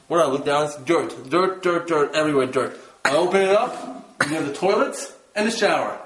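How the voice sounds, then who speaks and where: A man casually telling the story of his trip, animated and laughing, acting out his own exclamations. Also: a little high, a little fast, reverberant, a little hiss or hum, rough recording. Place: rented room.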